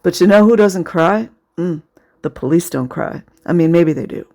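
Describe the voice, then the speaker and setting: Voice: medium pitch, expressive, moderate pace, vocal fry, warm tone. A video commentator talking casually over footage, sarcastic and indignant, sometimes sounding close to tears.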